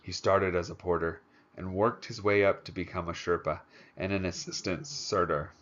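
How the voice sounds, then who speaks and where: A man voicing a calm, composed teenage boy who speaks in a measured, reflective way. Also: deep voice, lo-fi sound.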